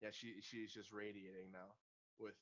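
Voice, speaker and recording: A man's voice: on the low side, little pitch movement, moderate pace, a bit bright, muffled recording. A man narrating a tabletop game as game master in a casual, hesitant way with many fillers.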